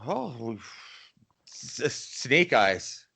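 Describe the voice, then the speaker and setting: A man's voice: medium pitch, sing-song, extremely slow, creaky, pushed and bright, breathy edge. Mid voiced guy on a podcast, swears a lot, really emphatic. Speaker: podcast co-host. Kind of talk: casual chat.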